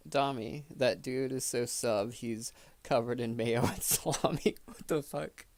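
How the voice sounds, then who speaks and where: A man's voice: medium pitch, a little slow, a little mellow, no echo. A man co-hosting a stream, sarcastic and exasperated, swearing in casual chat. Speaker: stream co-host.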